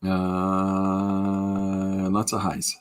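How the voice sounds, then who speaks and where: A man's voice: low-pitched, monotone, very slow, smooth. A man hosting a podcast livestream, chatting casually while he draws, greeting viewers by name and reading their comments aloud, and laughing at his own jokes. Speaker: podcast host.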